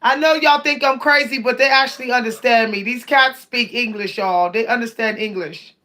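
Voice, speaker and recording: A woman telling animated, laughing stories to her viewers in a casual vlog. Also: on the high side, moderate pace, few pauses. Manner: animated, laughs often, addresses viewers directly. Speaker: cat owner vlogger.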